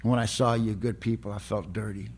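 A man quoting a gentle old woman, soft and slow. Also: lowish voice, fairly even intonation, a little hiss or hum, pitched below the performer's own voice, close to an everyday voice. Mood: pleading. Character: gentle elderly woman, long sober, pleading softly.

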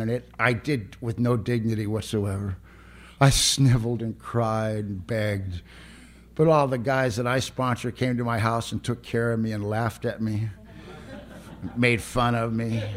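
An older man giving a personal recovery testimony, plain-spoken and emotional, with rough humor. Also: on the low side. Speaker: recovery meeting speaker.

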